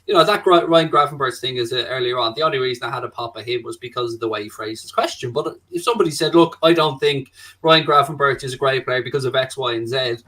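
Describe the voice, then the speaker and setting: A man's voice: medium pitch, fast, bright, forceful tone. A man hosting a casual live stream, chatty, swearing casually and reading out viewer questions from his own small studio. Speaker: stream host.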